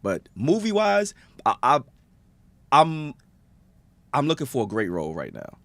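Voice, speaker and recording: A man's voice: mid-range voice, unhurried, dry recording. A man from Jamaica, a guest on a podcast, telling stories casually and acting out the people he quotes. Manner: animated storyteller, acts out quotes. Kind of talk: casual chat.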